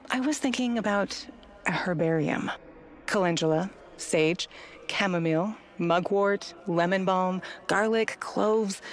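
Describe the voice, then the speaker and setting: A fond herb-loving fiancée from a video game, voiced by an American actress. Her pitch sits in the middle, and she teases her partner gently while listing plants dreamily. Her American accent stays plain throughout. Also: a little hiss or hum, lightly acted. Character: scientist's gentle fiancée, keen herbalist.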